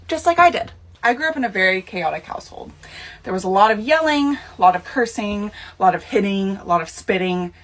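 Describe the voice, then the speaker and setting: A woman's voice: mid-range voice, fairly bright tone. A woman telling a personal story time to camera in a candid, reflective way.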